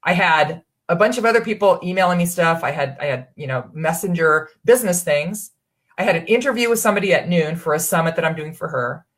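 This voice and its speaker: A woman's voice: lowish voice, lively intonation, a little fast. Chatty woman coaching on a live webinar. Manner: chatty, earnest, encouraging, many restarts. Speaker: online business coach.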